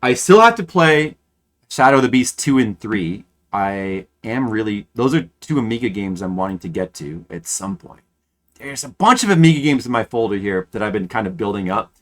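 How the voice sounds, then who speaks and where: A man's voice: lowish voice, big pitch swings, moderate pace, a bit bright. A man streaming games, chatting casually and thinking aloud, rambling with frequent restarts. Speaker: game streamer. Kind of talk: casual live-stream chat.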